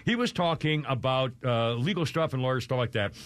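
A man's voice: mid-range voice, brisk, no room sound. A man hosting a talk radio show in a studio, rambling and opinionated, often laughing and mimicking people. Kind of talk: casual talk radio chat. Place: radio studio with video cameras. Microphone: studio microphone.

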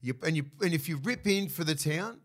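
A man's voice: on the high side, brisk. An Australian man in his thirties, a former rugby league player, telling stories in casual podcast chat and swearing freely. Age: 30s. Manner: swears freely, animated storytelling with mimicked voices.

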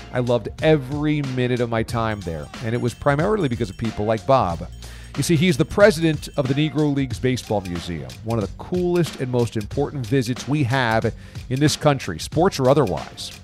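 A man in his forties hosts a sports podcast with an eager, conversational delivery. His voice sits at an ordinary middle pitch. He moves from a read intro into friendly chat. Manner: enthusiastic, conversational. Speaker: podcast host. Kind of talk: scripted podcast intro and interview.

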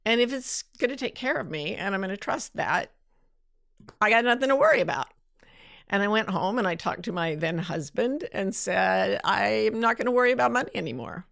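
A woman's voice: mid-range voice, expressive, normal speed, vocal fry, a bit bright, no room sound, studio quality. A woman hosting a talk, answering listener questions in a candid, self-deprecating way. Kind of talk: reflective casual talk.

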